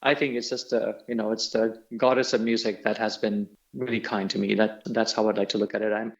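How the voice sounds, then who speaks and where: Male interview guest, animated storyteller who laughs often, muffled lo-fi audio. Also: on the low side, brisk, gravelly. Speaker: guest musician. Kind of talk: casual reminiscing interview. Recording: dull lo-fi audio.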